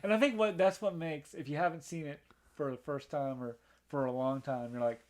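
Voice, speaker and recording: A man's voice: fairly high pitch, fairly even intonation, a little fast, a little mellow. Rambling man co-hosting a film podcast. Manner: rambling, many restarts and fillers. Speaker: podcast co-host. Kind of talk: casual movie review chat.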